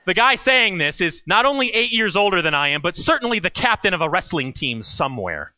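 A man's voice: fairly high pitch, big pitch swings, fairly quick, lo-fi sound. A man preaching an earnest sermon and telling a personal story with drama. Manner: earnest, dramatic storytelling, acts out the people in his stories. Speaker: pastor.

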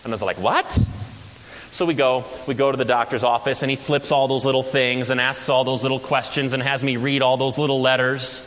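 This man's mid-range voice moves quickly, barely pausing, as he preaches and tells energetic, funny stories from the pulpit. Faint hiss and hall echo color the recording.

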